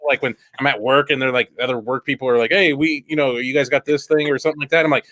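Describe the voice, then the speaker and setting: A man's voice: mid-range voice, steady tone, fast talker, a bit bright, dry recording, clean studio sound. A man hosting a casual podcast, swearing freely and telling stories with animation. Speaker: podcast host.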